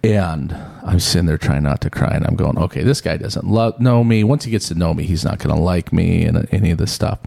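Gravelly low-voiced man telling his story. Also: brisk, few pauses. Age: middle-aged. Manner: rambling, self-deprecating, animated when quoting others. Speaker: podcast co-host. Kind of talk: casual storytelling chat.

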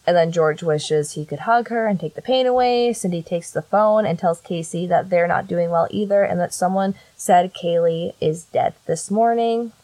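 A woman's voice: lowish voice, moderate pace, few pauses, dark tone, dry recording. A young woman hosting a casual chat, recounting a case and reading out quotes with blunt sarcasm. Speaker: podcast host recounting a case.

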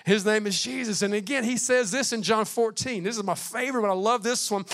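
Man, pastor, sermon, high voice, loud and hushed turns, amen calls. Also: animated. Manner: preaching with swings from loud emphasis to hushed, slow delivery; calls out "Amen" between points.

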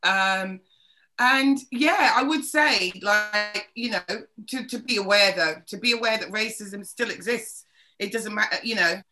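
A woman hosting a casual podcast panel, telling lively stories and acting out quoted remarks. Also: mid-range voice, a little slow, faint music behind. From United Kingdom. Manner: lively storyteller who acts out quotes. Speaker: podcast host.

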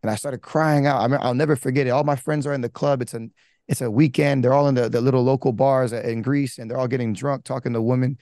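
A man's voice: mid-range voice, steady tone, quick pace, darkish tone, dry recording, clean studio sound. A man, a pastor, telling his life story candidly in a rambling, casual way with slang and restarts. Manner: rambling, with many restarts and fillers. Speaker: pastor giving his testimony. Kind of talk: candid personal testimony.

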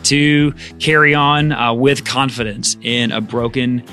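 A man's voice: medium pitch, fairly even intonation, unhurried, sharp tone, faint music behind. A man co-hosting a casual podcast, chatting and laughing often and poking fun at himself. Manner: laughs often, self-deprecating. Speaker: podcast co-host. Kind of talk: casual chat.

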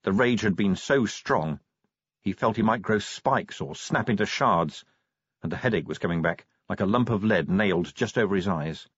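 A man narrating an audiobook in an expressive storytelling manner, switching into character voices. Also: fairly low pitch, moderate pace, slightly rough, no room sound. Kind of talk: scripted narration. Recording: dull dry lo-fi audiobook recording.

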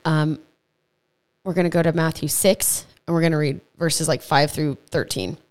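A woman with a low, deep voice hosts a casual faith podcast. She teaches in a chatty, earnest way, stumbling over words and tossing in quick asides as she goes. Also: fairly even intonation, darkish tone. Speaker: podcast host. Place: home podcast setup.

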